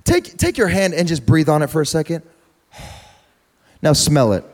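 A young man preaching a sermon through a funny personal story, chatty and repetitive, building to loud preaching. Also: fairly high pitch, huge pitch swings, normal speed. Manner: conversational, humorous, repeats words, rises to loud preaching.

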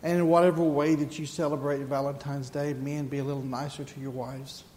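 Man preaching softly in an echoing hall. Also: a little high, flat delivery, slight background noise. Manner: soft, slow, then rising to fervent emphasis. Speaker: pastor. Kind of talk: sermon. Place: church sanctuary.

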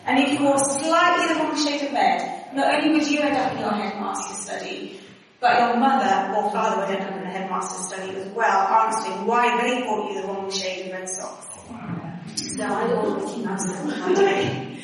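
A woman's voice: medium pitch, moderate pace. A middle-aged English woman with a slight Welsh twang, telling her life story in a chatty, anecdotal way as a guest speaker at a church service. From England. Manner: chatty, anecdotal, laughs often, acts out dialogue. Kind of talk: personal testimony talk. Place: church hall. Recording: echoey hall from far off.

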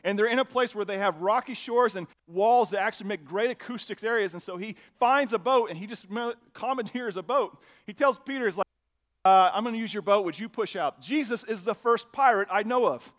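A man with a notably high voice delivers a sermon from the pulpit. He keeps it conversational and chatty, then swells into emphatic, animated passages. He speaks into a microphone in a church. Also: brisk, hardly any pauses. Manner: conversational preaching, builds to emphatic bursts. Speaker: pastor. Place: church sanctuary with a sound system.

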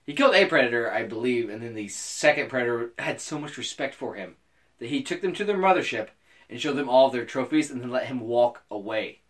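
A man co-hosting a podcast, arguing a playful movie-character matchup in jokey, profane casual banter. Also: a little fast. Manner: animated, swearing, jokey, jumps high in pitch when excited. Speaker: podcast co-host.

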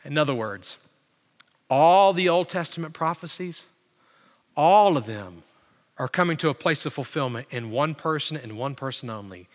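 A man preaching a sermon as pastor, swinging from loud, climbing emphasis down to low, quiet stretches. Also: lively intonation, normal speed. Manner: preaching with big swings in pitch and loudness. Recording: long hall reverb.

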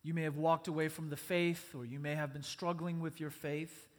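High-pitched pastor guy preaching earnestly, big echoey church sound. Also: level tone, moderate pace. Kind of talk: sermon. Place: church sanctuary. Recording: long church reverb.

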